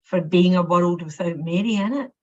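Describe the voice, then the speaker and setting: A Scottish woman sharing personal reflections, halting and often repeating her words. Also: on the low side, darkish tone. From Scotland. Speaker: workshop participant. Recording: muffled lo-fi audio.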